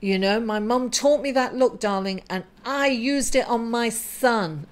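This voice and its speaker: A woman's voice: on the high side, measured pace, hardly any pauses. A middle-aged woman reads tarot in an effusive, encouraging monologue. She keeps calling the listener darling and sounds upbeat throughout. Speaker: tarot reader.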